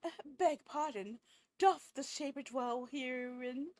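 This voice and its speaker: A woman doing a slow, highbrow lady critic. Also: huge pitch swings, a little mellow, full character voice. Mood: courtly. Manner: archaic, highbrow speech, slow and drawn out. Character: refined, theatrical female visitor, a gentle critic.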